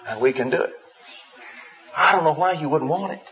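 A man's voice: on the high side, lively intonation, fairly quick, lo-fi sound. A male preacher delivering an impassioned sermon, full of rhetorical questions and sweeping rises and falls.

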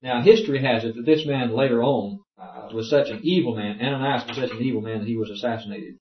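A man's voice: medium pitch, fast talker. A man teaching a Bible class, reading verses aloud and explaining them in plain talk. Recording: roomy, dull lo-fi tape.

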